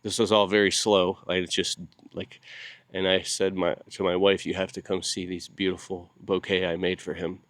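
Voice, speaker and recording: A man hosting his video channel, talking casually to the camera. He is grieving and short on sleep, and he speaks in a halting way, with long pauses and repeated words. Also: deep voice, monotone, fairly bright tone, no room sound. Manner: grieving and heartfelt. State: sleep-deprived.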